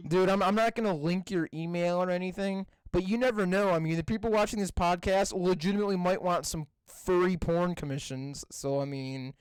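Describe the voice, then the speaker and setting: Young guy cohosting a podcast, cussing and exasperated, kinda high voice, dry close sound. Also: clean tone, no echo. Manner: profane, exasperated, spells words out slowly. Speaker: podcast co-host. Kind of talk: crude casual banter.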